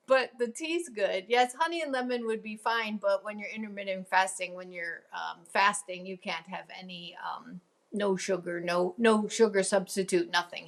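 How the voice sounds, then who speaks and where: Chatty woman with vocal fry. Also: medium pitch, a bit bright. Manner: chatty, answers viewer comments, many ums and laughs. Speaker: crafting show host. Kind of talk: casual live-stream crafting chat.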